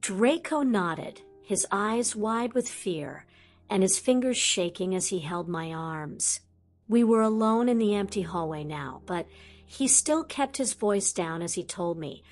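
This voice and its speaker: A woman's voice: mid-range voice, lively intonation, measured pace, darkish tone. A woman reading a first-person fanfiction audiobook in an earnest, emotional storytelling manner. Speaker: audiobook narrator.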